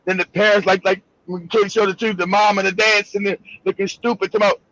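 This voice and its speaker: A man's voice: sits high, level tone, quick pace, fairly bright tone, muffled recording. A man hosting a livestream, delivering heated, profane commentary with emphatic repetition. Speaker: livestream host.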